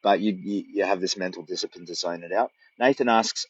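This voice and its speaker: A man's voice: low voice, fairly quick, no echo, muffled recording. A middle-aged man with an Australian accent, chatting earnestly and rambling on a livestream from a tent in the bush. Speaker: walking vlogger. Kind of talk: casual livestream chat. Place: tent in dense bush outdoors. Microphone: phone livestream.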